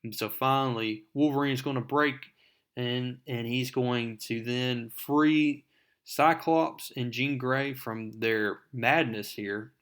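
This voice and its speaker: A man's voice: mid-range voice, steady tone, slow, a bit bright. A man narrating a comic book recap with enthusiasm, talking to his viewers as folks.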